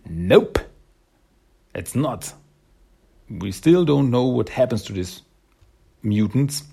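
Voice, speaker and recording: Gravelly, husky male podcast host. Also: medium pitch, animated, takes it slowly, mellow. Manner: rambling, upbeat, many fillers. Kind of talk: casual solo podcast talk.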